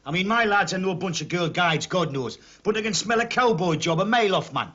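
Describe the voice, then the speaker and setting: A man's voice: high-pitched, animated, a little fast, bright, forceful tone, exaggerated voice. An actor playing a blunt, wry building foreman. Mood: confronting. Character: dry-humoured male building foreman. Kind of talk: TV drama acting. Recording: dull TV soundtrack.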